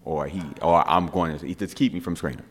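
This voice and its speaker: A stubborn young boy who insists he won't need help, as his deep-voiced father quotes him. The voice stays low and close to the father's own, with a defiant, insistent edge in a spoken family story. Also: fairly even intonation, a little fast, big-room sound.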